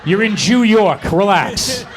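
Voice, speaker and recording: A man's voice: sits high, animated, slow, a crowd in the background. A man, a comedian guest, tossing out brash, mocking jokes. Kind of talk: live comedy banter.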